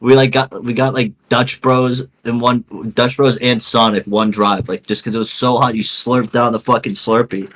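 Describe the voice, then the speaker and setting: A man's voice: mid-range voice, little pitch movement, moderate pace, few pauses, fairly bright tone. A young man from New England, co-hosting a podcast in casual chat, rambling and swearing, with "dude" and "like" in most sentences. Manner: rambling, swears a lot, says "dude" and "like" often. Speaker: podcast co-host.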